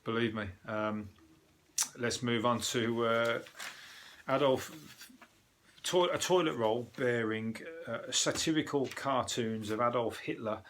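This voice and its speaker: A man's voice: medium pitch, slow, fairly bright tone, a little hiss or hum. A man from Birmingham with a Birmingham accent, a comedian hosting a casual comic news review in a rambling, sweary, scornful way. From Birmingham, England. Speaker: comedian host.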